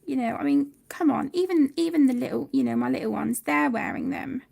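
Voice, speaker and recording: Woman host, thirties, high gravelly voice, chatty livestream talk reading out comments. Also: fairly quick, darkish tone. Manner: chatty, reads viewer comments aloud. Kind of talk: casual livestream chat.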